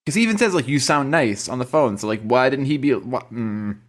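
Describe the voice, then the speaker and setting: Expressive joking man, lively pitch. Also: fast talker. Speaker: podcast co-host. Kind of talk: casual chat.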